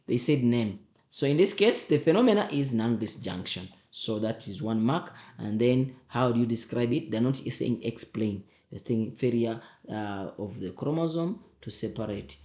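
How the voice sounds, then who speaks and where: A man's voice: mid-range voice, expressive, moderate pace, dark tone. A man, a teacher talking students through an exam memo, emphatic, repeating his points and firing rhetorical questions at them. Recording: roomy echo.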